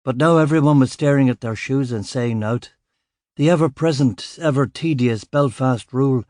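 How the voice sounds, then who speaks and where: A man reading a crime novel in first person, with a dry, sardonic, gruff delivery. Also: mid-range voice, moderate pace, a little mellow, no room sound. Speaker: audiobook narrator. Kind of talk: first-person scripted narration.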